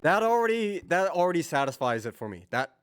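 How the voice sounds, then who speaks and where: A man's voice: fairly high pitch, sing-song, a little fast, background noise. Man muttering to himself while working. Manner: muttering, self-talk, trailing off and restarting. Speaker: streamer writing music. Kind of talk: casual thinking aloud while working.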